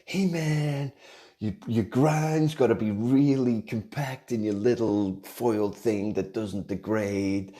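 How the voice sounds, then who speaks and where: A man doing a jokey impression of an easygoing man who keeps saying "hey man", higher than his own voice. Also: slow. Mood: laid-back. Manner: relaxed, drawling, repeating "hey man". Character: laid-back easygoing man drawling "hey man".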